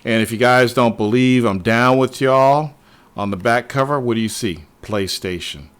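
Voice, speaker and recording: A man hosting a casual livestream, talking excitedly and swearing often as he rambles to his viewers. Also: mid-range voice, normal speed, clean tone. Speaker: livestream host.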